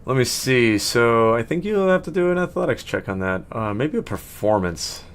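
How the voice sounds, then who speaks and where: A man's voice: mid-range voice, expressive, moderate pace, clean tone. A man narrating as game master of a tabletop game, rambling and often correcting himself.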